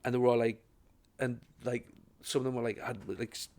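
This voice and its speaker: A man, a stand-up comedian telling animated, laughing anecdotes in casual chat. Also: medium pitch, a little fast.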